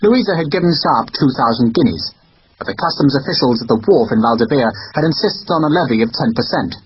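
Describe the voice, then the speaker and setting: A man narrating an audiobook in an expressive storytelling manner. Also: mid-range voice, a little fast, a little hiss or hum. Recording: dull lo-fi recording.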